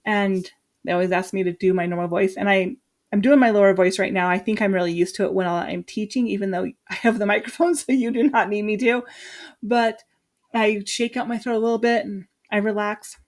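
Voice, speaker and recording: A woman from Utah, a teacher, chatting casually and lively as she walks through her lesson plan with quick asides. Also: medium pitch. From Utah, USA.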